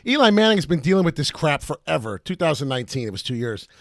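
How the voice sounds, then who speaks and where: A man hosting a vlog, ranting loudly and profanely from a car in a parking lot. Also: a little high, sing-song, quick pace, no echo, studio quality. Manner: loud, profane, fired-up ranting. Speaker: crypto video host.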